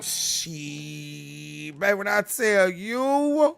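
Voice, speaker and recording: A woman's voice: mid-range voice, normal speed, fairly bright tone, soft background music. A chatty woman hosts a casual livestream from her home, talking straight to her viewers and calling them baby and honey. Her voice sounds close and dry, with no room echo. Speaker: livestream host.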